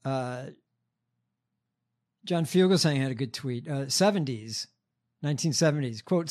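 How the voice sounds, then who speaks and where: A man co-hosting a political talk show, losing his voice to allergies, talking in a measured way with many hesitations. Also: medium pitch, a little mellow. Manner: measured, hesitant, reads quotes aloud. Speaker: co-host.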